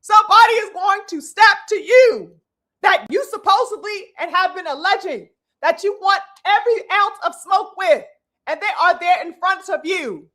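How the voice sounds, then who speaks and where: A woman delivers a live-stream boxing commentary rant in a very high voice. Her tone is bright and sharp, and she hammers her point with profanity and stacked rhetorical questions. She calls out to her listeners as brothers and sisters, like a preacher working a congregation. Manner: addresses the audience like a preacher.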